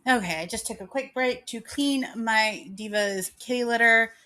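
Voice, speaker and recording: A woman's voice: a little high, moderate pace, bright, forceful tone. A woman vlogging in a casual chat, rambling and giggly, filling her talk with "like". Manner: rambling, giggly, heavy use of "like".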